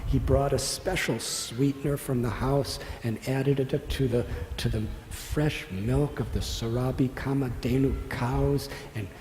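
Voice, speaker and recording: Older male preacher, warm unhurried storytelling, roomy hall reverb with faint ambience. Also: medium pitch, steady tone, slight background noise. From United States. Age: 60s. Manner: slow, tender narration that voices the story's characters. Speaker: monk giving a spiritual discourse. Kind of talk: devotional storytelling sermon.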